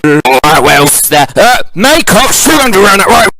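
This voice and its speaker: A loud, jeering mother who snoops through her daughter's things with open contempt, put on by a man. The voice sits high and shouty, and a steady hiss from a noisy phone clip runs underneath. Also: moderate pace. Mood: mocking. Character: nosy, spiteful mum raiding her daughter's bag.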